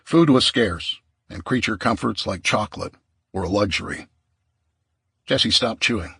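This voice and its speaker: Husky male audiobook narrator. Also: on the low side, expressive, measured pace, bright, forceful tone, no room sound.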